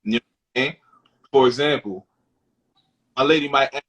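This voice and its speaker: A man's voice: mid-range voice, expressive, a little fast, long pauses, a bit bright, rough recording. A man co-hosting a candid talk show, speaking bluntly and emphatically, swearing freely and reading out viewer questions. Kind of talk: candid casual chat.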